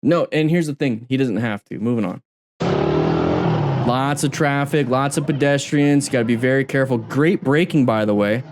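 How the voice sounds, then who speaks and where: This is a man of middle pitch who teaches motorcycle riding. He talks through road clips in a chatty, easygoing way and drives his points home by saying them twice. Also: normal speed, heavy background noise. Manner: chatty, repeats phrases for emphasis. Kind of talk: commentary over riding videos.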